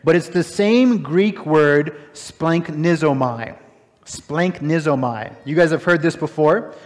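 A man preaching a sermon, retelling a parable with animated, emphatic, incredulous asides. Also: a little high. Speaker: pastor. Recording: long hall reverb.

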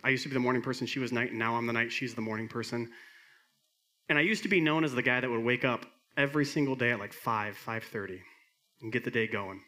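A middle-aged man preaching a sermon as pastor, earnest, swinging from emphatic peaks to soft quiet lines. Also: medium pitch, fast talker.

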